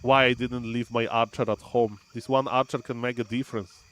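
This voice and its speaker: Male streamer, mid pitch; animated live play-by-play of his own game. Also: normal speed. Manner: animated, often says "ladies and gentlemen", thinks aloud with fillers. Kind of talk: live gameplay commentary.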